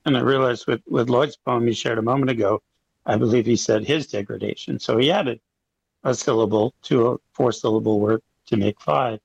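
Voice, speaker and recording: A man's voice: medium pitch, normal speed, creaky, breathy edge, no echo, lo-fi sound. A man from a haiku group explaining syllable tricks in a joking, easygoing way. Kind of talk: casual group interview.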